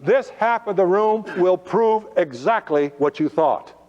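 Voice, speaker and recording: A man's voice: high voice, animated, unhurried, darkish tone. A man giving a motivational talk to a live audience, firing rhetorical questions and drawing out his key phrases. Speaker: motivational speaker. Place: auditorium. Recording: lo-fi recording with long hall reverb.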